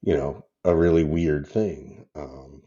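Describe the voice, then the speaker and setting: A man's voice: a bass voice, slow pace, warm tone, muffled recording. A man in his fifties, a podcast guest, telling personal stories in a rambling, candid way and laughing through them. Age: 50s. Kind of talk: casual interview storytelling.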